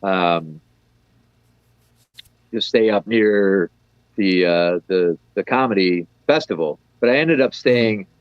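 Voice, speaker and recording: A man's voice: low voice, slow, pauses often, smooth, no room sound, lo-fi sound. A man who organizes a comedy festival, chatting as a guest and telling easygoing stories. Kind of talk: casual chat.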